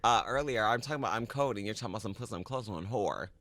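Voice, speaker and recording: A man's voice: lowish voice, lively intonation, a bit bright. A man co-hosting a casual podcast, firing off sassy, profane one-liners. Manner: sassy, profane quick quips. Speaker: podcast co-host. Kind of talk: casual chat.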